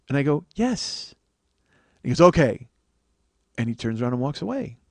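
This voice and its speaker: A comedian in his forties rants through a comic story, swearing freely and staying animated throughout. His voice sits fairly high for a man. It is recorded close and dry, with no room sound. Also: brisk, long pauses, dry recording. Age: 40s. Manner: animated, ranting, profane. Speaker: comedian podcast host.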